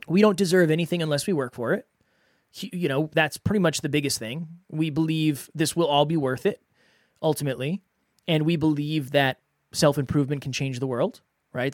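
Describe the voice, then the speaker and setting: A man hosts a solo podcast, speaking earnestly and conversationally and circling back to repeat his points. His voice sits a little high. The sound is dry and close, with no room echo. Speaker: podcast host. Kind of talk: solo podcast advice talk.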